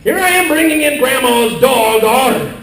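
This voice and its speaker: High-pitched older man doing stand-up. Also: animated, moderate pace, vocal fry, slight background noise. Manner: corny storytelling with exaggerated yelled quotes. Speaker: comedian. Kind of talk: live stand-up slide show. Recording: echoey live hall from far off with audience.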